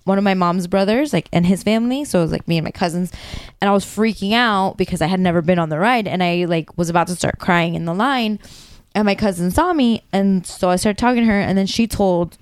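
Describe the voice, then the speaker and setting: A woman in her thirties co-hosting a casual chat, telling a story in a chatty, animated way and laughing often. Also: medium pitch, fairly quick, clean tone, no room sound. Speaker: podcast co-host.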